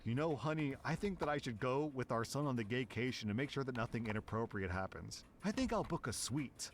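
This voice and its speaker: A man's voice: mid-range voice, animated, fairly quick, slight background noise, lightly acted. A man voicing a smug, scheming older father-in-law in a mock-innocent tone. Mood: sly.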